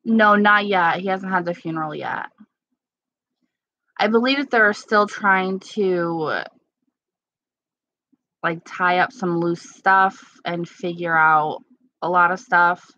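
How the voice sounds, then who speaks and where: A woman chatting casually with live-stream viewers at home, candid and quick to laugh. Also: fairly low pitch, sharp tone, dry recording. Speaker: livestream host. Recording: slightly dull lo-fi sound.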